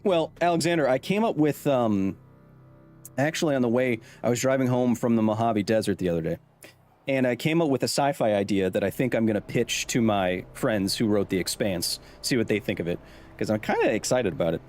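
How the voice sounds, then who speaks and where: A man chatting casually on a live stream, rambling and cutting himself off, quick to laugh. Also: mid-range voice, animated, a little mellow.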